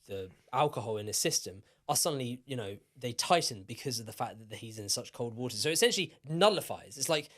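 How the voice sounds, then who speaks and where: A man co-hosting a podcast, tipsy and telling a story in a lively, rambling way with plenty of swearing. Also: medium pitch, fast talker, hardly any pauses. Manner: animated, swearing, repeats himself. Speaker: podcast co-host. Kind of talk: casual storytelling chat.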